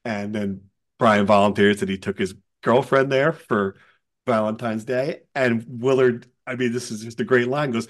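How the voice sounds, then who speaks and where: A man hosting a casual sports podcast, a columnist who tells stories with energy and acts out other people's quotes. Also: moderate pace. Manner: animated storyteller, acts out quotes in a high voice.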